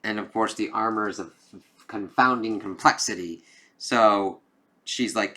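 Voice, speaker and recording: A man's voice: fairly low pitch, unhurried, sharp tone. A man giving a casual, rambling comic book review, swearing now and then. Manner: rambling, loose, with swearing and filler phrases.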